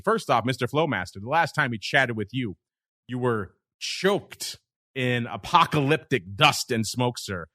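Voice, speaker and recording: A man's voice: medium pitch, normal speed, pushed and bright, no echo, clean studio sound. A man hosting a casual markets podcast, joking and talking straight to the listeners. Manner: jokey, upbeat, addresses listeners. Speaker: podcast host. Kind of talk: casual market talk show.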